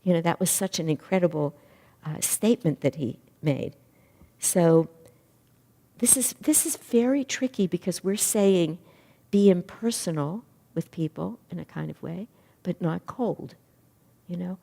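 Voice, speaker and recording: A middle-aged woman giving a spiritual class talk as a minister and teacher. She speaks in an earnest, reflective way and grows lively when she retells stories. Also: fairly low pitch, measured pace, gravelly. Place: class room or hall. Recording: long reverb of a hall.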